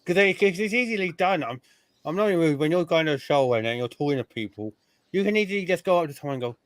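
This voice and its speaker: Animated man, smooth dry voice. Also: fairly high pitch, fast, dry recording. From United Kingdom. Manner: animated storyteller, mimics people he describes. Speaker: podcast host. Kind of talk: casual chat.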